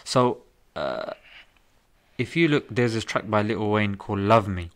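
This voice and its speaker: A man, chatting on a podcast and explaining things with animated emphasis. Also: lowish voice, a little slow. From England. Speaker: podcast guest. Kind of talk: casual podcast chat.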